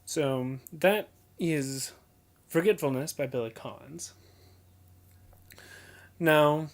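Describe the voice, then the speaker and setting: A young adult explaining how to read poetry aloud, pointing out pauses and emphasis as clips play. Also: mid-range voice. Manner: points out details, emphasizes and repeats examples. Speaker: teacher explaining poetry reading. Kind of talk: casual spoken lesson.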